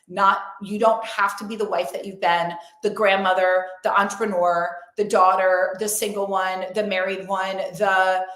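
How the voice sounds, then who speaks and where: Woman, motivational coach, emphatic, mid pitch, echoey room. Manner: emphatic, animated, acts out quoted voices. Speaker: speaker and coach. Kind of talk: motivational talk to women.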